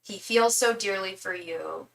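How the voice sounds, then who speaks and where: Chatty woman reading tarot, bright voice. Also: mid-range voice, a little slow, gravelly, echoey room, recorded from a distance, poor audio. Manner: chatty, with many fillers and restarts; calls the listener "girl". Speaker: tarot reader.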